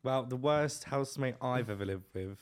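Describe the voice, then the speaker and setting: A young man on a podcast, earnestly recounting a bad flatmate story. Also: medium pitch, normal speed. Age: young adult. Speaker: podcast co-host. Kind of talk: casual chat, storytelling.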